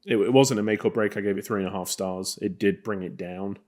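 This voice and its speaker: Low-voiced man in casual film chat. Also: fairly quick. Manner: relaxed, rambling, many fillers. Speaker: podcast co-host.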